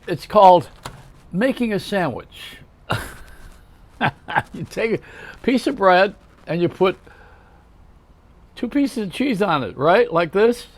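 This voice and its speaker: Talking straight to the camera, an older man hosts a rambling comic monologue, firing off quips and one-liners. He has a slightly higher voice than most men, and the recording is dry.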